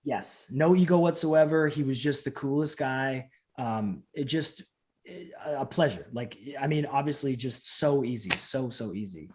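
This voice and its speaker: A man in his thirties, a professional wrestler and trainer, chatting in an interview from home over a video call and acting out quotes as he tells stories. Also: normal speed. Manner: animated storyteller acting out quotes with big pitch jumps. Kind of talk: casual interview chat.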